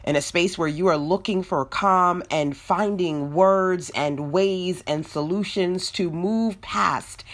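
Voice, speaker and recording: A woman hosting a motivational faith talk, speaking in a rhythmic, repetitive preaching cadence and acting out inner voices in quick bursts. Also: lowish voice. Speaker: podcast host.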